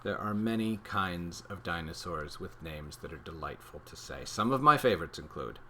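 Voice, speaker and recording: Male co-host, storybook read-aloud, lively pitch, very bright tone, faint hiss behind. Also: moderate pace. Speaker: co-host reading a picture book aloud. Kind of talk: playful read-aloud with banter.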